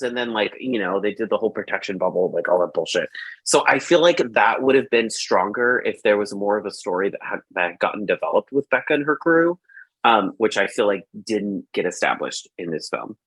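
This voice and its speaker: A man's voice: on the low side, animated, a little fast, a bit bright, husky, no echo. Rambling male host, dry sound. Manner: rambling, filler-heavy with lots of "like"; acts out his own reactions in quotes. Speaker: podcast host. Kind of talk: casual film review chat.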